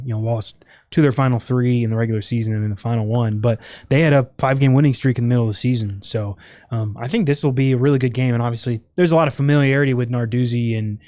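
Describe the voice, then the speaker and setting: Male podcast co-host, mellow tone, halting casual delivery, dry close mic. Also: mid-range voice, no echo. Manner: hesitant, many restarts and fillers. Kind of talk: casual sports chat.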